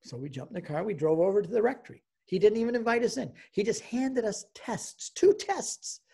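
A man's voice: sits high, expressive, fairly quick, gravelly, mellow, breathy edge. A man in his sixties giving an emotional personal testimony as a guest speaker, telling his story and acting out the dialogue.

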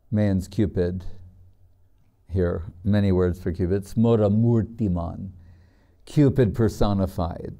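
Slow, dark-voiced older man preaching. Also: lowish voice, gravelly. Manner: storytelling, frequent "you know", acts out quoted voices. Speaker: spiritual teacher. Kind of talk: sermon lecture.

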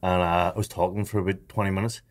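A man's voice: deep voice, little pitch movement, fast talker. A young man, telling a story as a podcast co-host, with lots of swearing and laughter. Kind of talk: casual chat, storytelling.

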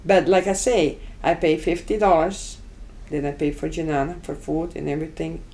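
A woman's voice: low-pitched, normal speed, a little hiss or hum. Bosnian-accented woman telling her story. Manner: broken English, lively storytelling that acts out dialogue. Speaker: interviewee. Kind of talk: oral history interview.

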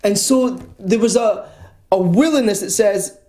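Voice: mid-range voice, unhurried, dark tone. Earnest preacher, roomy echo. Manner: earnest, repeats words when stressing a point. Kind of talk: evangelical sermon. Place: church.

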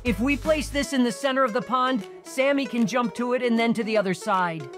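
A cheerful young male honeybee from an animated storybook, put on by a male narrator. His voice sits very high and quick with eagerness. Soft music plays under him.

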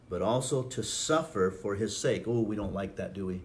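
A man's voice: fairly low pitch, moderate pace, a little mellow. A man preaching a sermon as pastor, acting out quoted lines with a lifted voice. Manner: preaching, acts out quotes with rising voice.

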